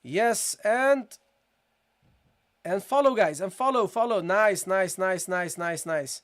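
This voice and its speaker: A man's voice: high-pitched, fairly bright tone. A man teaching Quran recitation in a live online lesson, speaking patiently and repeating points while checking in with viewers. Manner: repetitive, checking in with viewers, slow demonstration of sounds. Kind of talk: live-streamed tajweed lesson.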